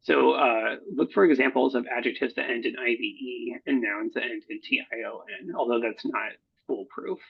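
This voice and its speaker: A proposal editor leads a recorded writing workshop, talking over his slides in a gravelly, husky, mid-range voice. He's halting, often pausing on fillers, restarting words and correcting himself. The sound is dull and lo-fi, like a computer mic.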